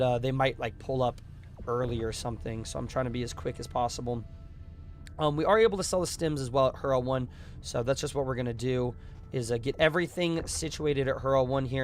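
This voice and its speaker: A young man streaming a space game live, chatting casually with his viewers, his voice a bit strained from yelling, with bursts of excitement. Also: fairly high pitch. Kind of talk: casual live gameplay commentary.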